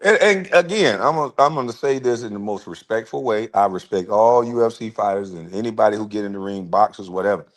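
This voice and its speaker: A man in his forties hosting a casual livestream, telling stories in an animated, slangy way with frequent laughs. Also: fairly low pitch, fairly quick, few pauses. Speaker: livestream host.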